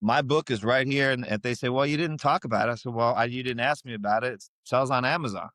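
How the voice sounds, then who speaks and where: A man's voice: mid-range voice, fast, fairly bright tone, no echo. A middle-aged man telling a personal story in a casual interview, acting out the voices of people he quotes. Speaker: podcast guest.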